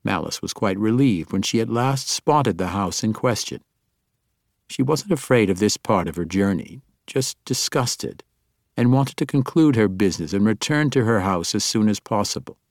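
A man narrating a fantasy audiobook in a measured, even storytelling manner. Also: lowish voice, dry recording, clean studio sound.

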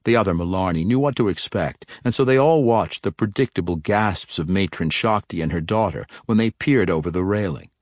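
A man reading a fantasy novel aloud as an audiobook narrator, in a measured storytelling way. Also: deep voice, darkish tone, no room sound, clean studio sound.

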